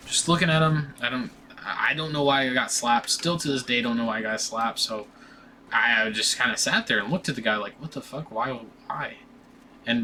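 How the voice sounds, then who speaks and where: Bright-voiced young man telling a story. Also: fairly low pitch, slight background noise. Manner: rambling, profane, with many restarts and fillers. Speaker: vlogger. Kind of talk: casual storytime.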